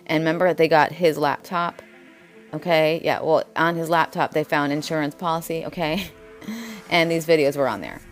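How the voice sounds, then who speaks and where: Low-voiced blunt woman vlogger. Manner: blunt, jumps between topics. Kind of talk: casual rambling monologue.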